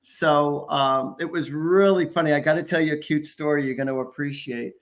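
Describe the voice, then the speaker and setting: A man with a gravelly, creaky voice hosts a casual psychic call-in show. He rambles along easily through readings and anecdotes, laughing as he tells them. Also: fairly high pitch, steady tone, moderate pace. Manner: rambling, chuckling storyteller.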